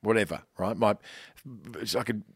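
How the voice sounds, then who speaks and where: Co-host, man, lower voice, rambling and emotive, dry studio mic. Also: moderate pace, breathy edge, no room sound. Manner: expressive, rambling, self-mocking. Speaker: podcast co-host. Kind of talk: casual chat.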